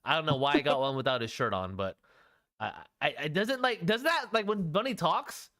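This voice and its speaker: A man's voice: a little high, animated, a little fast, bright, forceful tone. A man co-hosting a casual livestream show, rambling, often talking to chat and laughing. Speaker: podcast co-host.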